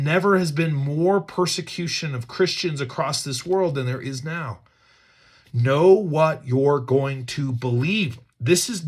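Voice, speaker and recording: An emphatic man reads scripture and adds his own commentary. His voice sits at a medium pitch. He is earnest and often repeats a word as he works out a thought. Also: slightly rough. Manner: earnest and emphatic, repeats words while thinking aloud. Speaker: Bible teacher.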